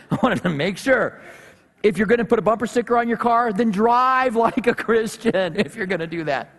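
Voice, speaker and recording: High-voiced male pastor in a reverberant hall. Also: normal speed. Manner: animated, humorous storytelling. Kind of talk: sermon. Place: church sanctuary. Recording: long reverb of a church hall.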